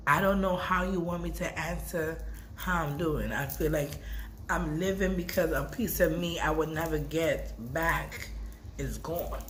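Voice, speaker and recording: A woman vlogger talking casually and emotionally, rambling, repeating words and swinging between soft and loud. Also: deep voice, unhurried, a little hiss or hum. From Brooklyn. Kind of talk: casual emotional vlog talk.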